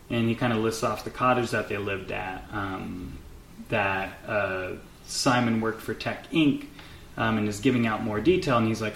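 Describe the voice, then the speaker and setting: A man with a low voice narrates a tabletop game as game master. He talks loosely and casually, with plenty of fillers. The recording carries a roomy echo and faint background noise. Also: moderate pace, creaky, a bit bright. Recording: echoey room with faint noise.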